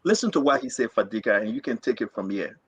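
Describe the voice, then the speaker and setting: A man's voice: medium pitch, lively intonation, quick pace, slightly rough. A man hosting a live political talk show, emphatic and repeating himself as he reads quotes aloud.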